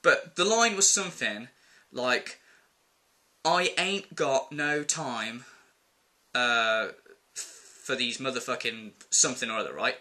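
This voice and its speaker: A man's voice: medium pitch, slow pace, pushed and bright. A man ranting casually to camera in a vlog, exasperated and rambling, with plenty of filler words. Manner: exasperated, rambling, quotes people in put-on voices. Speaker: vlogger.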